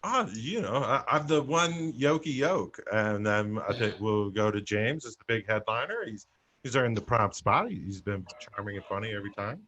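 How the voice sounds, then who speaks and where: A man in his forties with a lowish, bright voice banters on a video call. He speaks in an easygoing, joking way as co-host of the show. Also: lively intonation, normal speed. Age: 40s. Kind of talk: casual banter.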